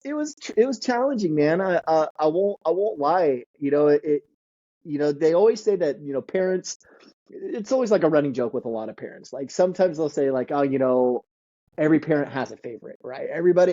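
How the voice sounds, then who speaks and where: A man's voice: fairly high pitch, dark tone, highs cut off. A man in his thirties, a guest telling stories from his childhood in a casual way and laughing often. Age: 30s. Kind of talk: casual storytelling.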